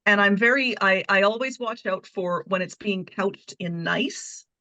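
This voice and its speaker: A woman guest who coaches communication, explaining ideas in a measured, teaching way. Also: medium pitch, pushed and bright, no echo, highs cut off. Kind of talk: casual chat.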